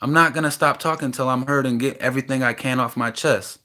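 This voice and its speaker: Impassioned ranting man, forceful voice. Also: mid-range voice, steady tone, fast talker. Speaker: vlogger. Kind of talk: emotional monologue to camera.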